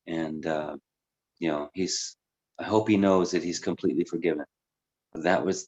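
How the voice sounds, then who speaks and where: A male life coach tells his own life story candidly, reflective and conversational, with lots of fillers. His voice is low and darkish in tone, and the recording sounds muffled.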